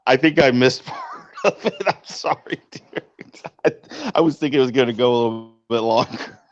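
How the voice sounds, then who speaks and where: A man co-hosting a casual podcast, teasing and reacting quickly. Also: medium pitch, dull audio. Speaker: podcast co-host.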